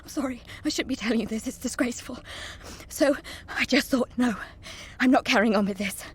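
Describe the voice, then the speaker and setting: A woman's voice: on the high side, a little fast, breathy edge. An actress playing a weary, ashamed woman dieter who talks in an anxious, confessional way in a radio comedy.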